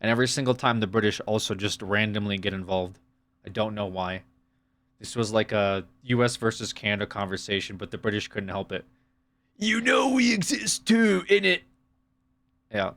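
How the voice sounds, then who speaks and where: A man's voice: on the low side, steady tone, a little fast, a bit bright. A man from the United States, streaming live and reacting to chat with sarcastic, profane, rambling rants.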